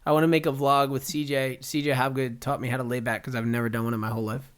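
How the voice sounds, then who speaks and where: A young man co-hosting a casual podcast in relaxed surfer slang. He jokes around easily and keeps his voice at an ordinary middle pitch. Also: quick pace, clear, resonant tone. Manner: laid-back surfer slang, jokey. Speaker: podcast co-host.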